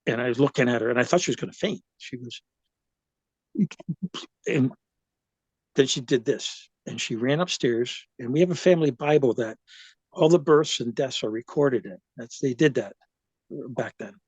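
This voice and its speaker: A man in his seventies recounts his own life as an interview guest, with a voice pitched right in the middle. He rambles, often stops mid-phrase to start over, and chuckles now and then. The recording is dry and close, with no room echo. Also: normal speed, pauses often, slightly rough. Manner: rambling, with many restarts and fillers. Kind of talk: personal storytelling.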